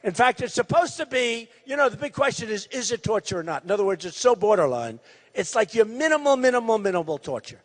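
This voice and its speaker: A man in his sixties giving a campaign rally speech, loud and repetitive, hammering his points with emphasis. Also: sits high, big pitch swings, quick pace, in a large hall. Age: 60s. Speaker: political candidate.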